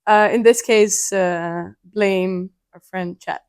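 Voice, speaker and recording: A woman co-hosting a podcast, reading quiz questions slowly and deliberately between light laughs. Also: medium pitch, fairly even intonation, a little mellow, clean tone. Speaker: podcast co-host, quiz reader.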